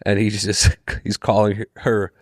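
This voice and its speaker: A young man co-hosting a podcast, telling a story in casual, animated chat and swearing freely. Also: on the low side, unhurried, no echo, clean studio sound. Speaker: podcast co-host.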